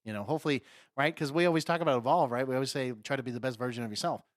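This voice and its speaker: A man's voice: mid-range voice, very fast, dry recording. Dry-voiced man co-hosting a podcast. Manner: laughs often, swears freely, acts out silly voices. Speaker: podcast co-host. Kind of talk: casual chat.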